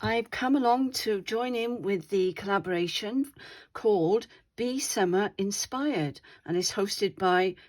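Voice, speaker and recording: A woman with a mid-range, darkish voice hosts a craft channel, speaking a little slowly. She chats casually while demonstrating her doodles and keeps checking in with viewers with "all right?"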